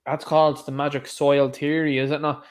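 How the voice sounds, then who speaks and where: An Irish man with a fairly high-pitched voice talks straight to camera in a solo commentary. His delivery is sarcastic and scoffing, full of rhetorical jabs. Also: little pitch movement, normal speed, clean tone. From Ireland. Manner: sarcastic, scoffing, mocks others in put-on voices. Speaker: online commentator.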